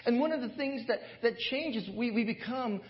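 A male pastor telling a personal story in a sermon, animated and often laughing, recorded in a church with dull lo-fi sound. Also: very high-pitched, normal speed. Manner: animated, laughs through his stories.

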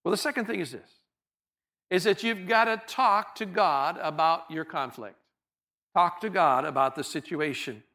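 A man with a high, bright voice preaches to his congregation in a church. He talks in an earnest, conversational way and often stumbles and restarts his words. He sounds like a pastor speaking plainly to his people. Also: normal speed. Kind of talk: sermon. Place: church sanctuary.

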